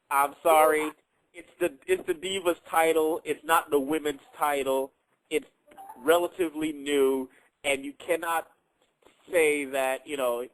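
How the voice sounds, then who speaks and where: A man's voice: fairly high pitch, fairly bright tone, poor audio. A man hosting a radio quiz, hesitant and self-amused as he reads out questions and gives points. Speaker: quiz moderator and host. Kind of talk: casual radio chat.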